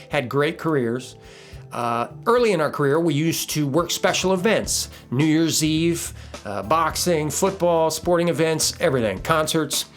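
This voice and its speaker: A middle-aged man hosting a podcast, casually walking through a recipe and telling a story in a relaxed, folksy way with filler words. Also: on the high side. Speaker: podcast host.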